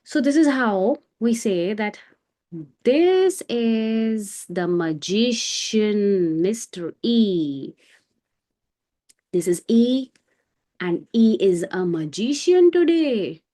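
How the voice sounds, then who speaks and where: Slow, patient woman phonics teacher. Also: fairly high pitch, animated, mellow. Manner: slow, patient explaining with storytelling. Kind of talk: children's phonics lesson with story.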